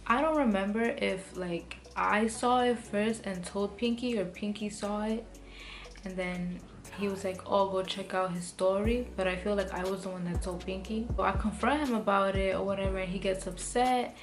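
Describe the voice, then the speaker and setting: Young woman vlogger, heated profane rambling storytime, clear music behind her. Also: medium pitch. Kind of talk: casual storytime monologue.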